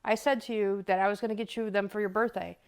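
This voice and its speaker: A woman's voice: mid-range voice, fairly even intonation, fast talker, a loud crowd. A middle-aged woman, a mother, chatting casually and animatedly telling a story, acting out the voices of people she quotes. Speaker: mother of the host, guest.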